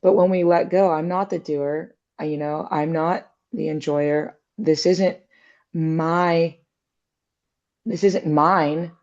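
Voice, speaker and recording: A woman's voice: deep voice, fairly even intonation, takes it slowly, a little mellow, lo-fi sound. A woman in casual reflective conversation, thinking aloud with many fillers and little acted-out quotes.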